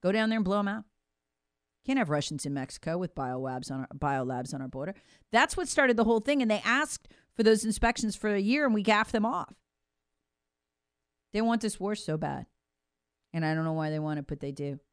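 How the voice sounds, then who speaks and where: A woman's voice: lowish voice, animated, brisk, smooth, no room sound, clean studio sound. A woman delivering an emphatic, sarcastic political commentary monologue as host. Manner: emphatic, sarcastic, acts out quoted voices.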